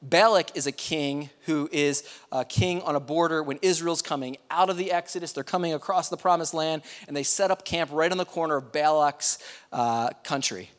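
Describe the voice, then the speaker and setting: A man preaching a sermon, retelling a Bible story in a casual, animated way with slangy asides. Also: a little high, normal speed, in a large hall.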